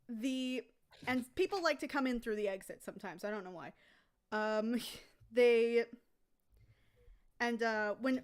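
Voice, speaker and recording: A woman's voice: on the high side, clear, resonant tone. A woman casually telling a rambling, profane anecdote on a live stream. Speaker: comic artist streaming.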